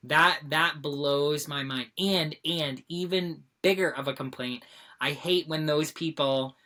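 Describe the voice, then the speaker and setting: Bright, animated woman co-host. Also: low-pitched, slow. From Central Massachusetts. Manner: animated, acts out exasperated quotes. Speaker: podcast co-host. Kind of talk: casual chat.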